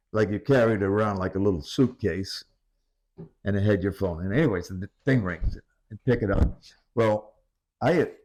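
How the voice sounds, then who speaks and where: Gravelly older fisherman telling salty tales. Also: medium pitch, darkish tone. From US east coast. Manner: salty, profane, laughs through stories. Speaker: retired commercial fisherman. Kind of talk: casual storytelling interview.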